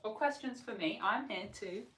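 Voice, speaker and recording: A woman's voice: medium pitch, normal speed, pushed and bright. A woman chatting as a guest on a livestream, dry and self-deprecating. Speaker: guest co-host. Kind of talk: casual chat. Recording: roomy, distant mic, faint noise.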